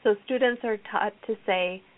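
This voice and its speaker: A woman gives a recorded lecture for teachers, walking through classroom games and acting them out as she goes. Her voice sits at a middle pitch. The audio is thin and phone-like. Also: normal speed. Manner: explanatory, models classroom activities aloud. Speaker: educator presenting a reading program.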